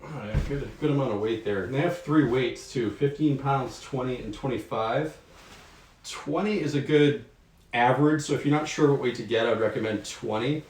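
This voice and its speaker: A man's voice: mid-range voice, normal speed, a little hiss or hum. A young man from the Northeast US hosting a casual unboxing livestream, rambling with lots of ums and a little out of breath. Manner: relaxed, rambling with many ums. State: sweaty and slightly out of breath. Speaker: livestream host. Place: bedroom at home. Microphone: camera mic across the room. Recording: echoey room, far from the mic.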